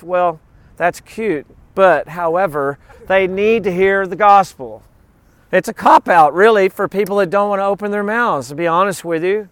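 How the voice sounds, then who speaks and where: A middle-aged male pastor with a notably high voice delivers a sermon. He reads scripture aloud and drops into animated, joking asides to his listeners. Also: normal speed, no room sound.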